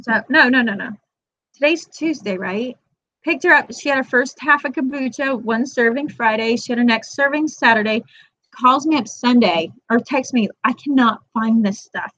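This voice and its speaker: A woman with a high-pitched, bright, forceful voice speaks at a moderate pace, with no room sound, over dull, dry lo-fi webcam audio. She hosts a casual weekly live chat for moms, telling stories to viewers, acting out her friend's lines in quotes and calling them "girl."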